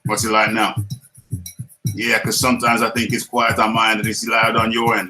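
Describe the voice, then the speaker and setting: A man's voice: fairly low pitch, monotone, normal speed, bright, forceful tone, faint music behind, poor audio. A man with a British accent hosting a casual live stream, playful and laughing often, repeating his lines as he reads the chat.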